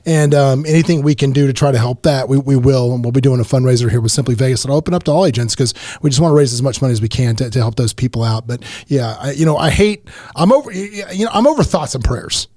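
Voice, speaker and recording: A middle-aged man hosting a casual podcast, animated and emphatic, often repeating himself. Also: medium pitch, fast talker, hardly any pauses, no echo, clean studio sound. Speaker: podcast host. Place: podcast studio.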